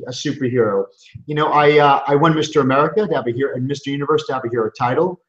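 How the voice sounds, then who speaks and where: A middle-aged man, a chiropractor, giving an earnest, emphatic motivational webinar talk from his office, often restarting his sentences. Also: on the high side. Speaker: chiropractor and coaching group founder. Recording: roomy, dull lo-fi sound.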